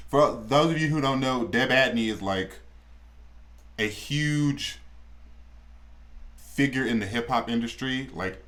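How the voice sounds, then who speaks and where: A man's voice: mid-range voice, fairly bright tone. A man co-hosting a podcast, dishing celebrity gossip in a blunt, sassy and crude way. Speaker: podcast co-host. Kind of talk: casual gossip chat.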